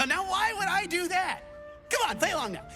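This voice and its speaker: With music in the background, a woman speaks at an extremely high pitch in a sing-song, exaggerated voice and at a measured pace. She is voicing a bubbly, silly young video game adventurer who keeps trying out new classes, teasing playfully and theatrically.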